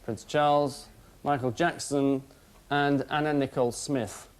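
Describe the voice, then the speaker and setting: A man hosting a TV panel quiz, delivering prepared jokes in a dry, deadpan way in a studio. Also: mid-range voice, a little slow, smooth. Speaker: quiz show host. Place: TV studio with live audience. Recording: broadcast TV audio.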